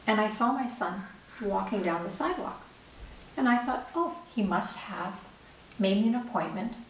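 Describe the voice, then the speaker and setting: A woman's voice: mid-range voice, slight background noise. Older woman, storytelling talk, acts out dialogue, echoey room, distant mic. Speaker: author and speaker.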